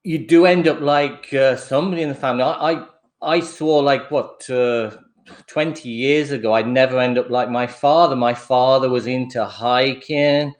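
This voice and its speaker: A man's voice: mid-range voice, steady tone, moderate pace. Chatty older man on a livestream. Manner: chatty storytelling with laughs. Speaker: livestream host. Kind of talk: casual chat.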